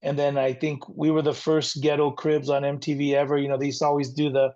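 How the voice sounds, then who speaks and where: The recording is muffled, and the man's slightly high, darkish voice stays completely flat as he talks fairly quickly. He's a middle-aged rock frontman from the San Diego area near the Mexican border, telling his life story as an interview guest in an earnest, reflective, faith-centered way.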